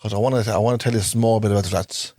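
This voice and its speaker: A man with an Irish Traveller accent, a guest on a podcast, cutting in quickly during casual chat. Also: on the low side, no echo, studio quality. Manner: quick, animated interjections.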